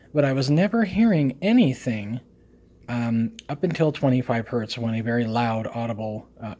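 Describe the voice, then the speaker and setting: A man's voice: medium pitch, darkish tone. Emphatic man lecturing in a casual review. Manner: emphatic, lecturing, repeats "okay?" often. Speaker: product reviewer.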